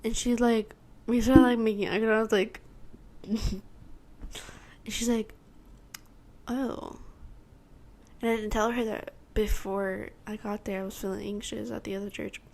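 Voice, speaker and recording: A woman's voice: mid-range voice, flat delivery, moderate pace, a little mellow, a little hiss or hum. A teenage girl from Texas hosting a podcast, giving a rambling personal testimony and acting out what people said to her. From Texas, USA. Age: teens. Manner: rambling storytelling, acting out her own and others' lines. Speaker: podcast host.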